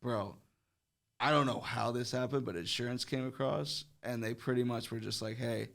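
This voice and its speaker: Gravelly young man telling a wild story. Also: mid-range voice, fairly even intonation, moderate pace, a bit bright. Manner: rambling, heavy on fillers, swearing. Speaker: podcast guest. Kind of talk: casual storytelling.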